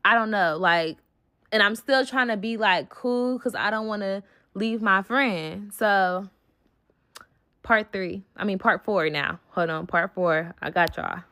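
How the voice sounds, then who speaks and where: Young woman for a casual storytime: blunt, heated delivery, lots of swearing, medium pitch. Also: unhurried, sharp tone.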